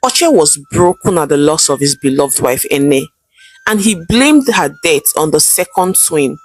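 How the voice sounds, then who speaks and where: A woman narrates a folktale in a dramatic storyteller manner. Her voice sits slightly low. Faint background music plays under her. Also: animated, unhurried.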